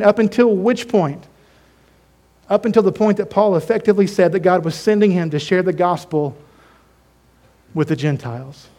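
A man's voice: sits high, darkish tone. A man preaching a sermon, emphatic and repetitive, putting questions to his congregation. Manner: emphatic, repeats phrases, asks the congregation questions.

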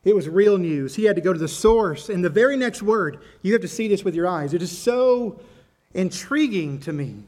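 A man's voice: high voice, expressive, moderate pace, a little mellow. A male pastor preaching a sermon in a church, stressing and repeating key words as he speaks directly to the congregation.

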